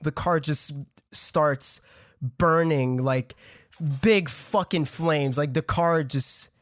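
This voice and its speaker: With no echo on the recording, a young man in his twenties speaks slowly in a voice on the high side. He's a podcast guest and native French speaker with a French accent, telling a rambling, profane story in casual chat and laughing often.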